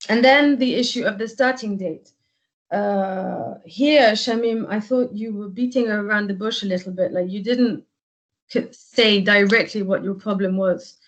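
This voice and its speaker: Woman, feedback on a role-play, analytical, points out strengths and mistakes, mid-pitched voice. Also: rough recording. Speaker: workshop participant giving feedback.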